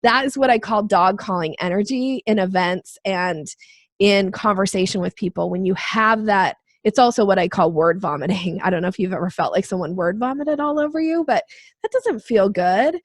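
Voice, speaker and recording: A woman sales trainer answering interview questions, explaining with lively acted-out examples. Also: medium pitch, moderate pace, dry recording, clean studio sound. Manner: animated, acts out quoted voices.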